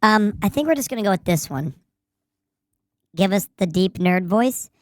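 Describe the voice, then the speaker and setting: A woman's voice: medium pitch, lively intonation, normal speed, darkish tone, dry recording. A woman streamer chatting casually and voicing game characters, curious and thinking aloud.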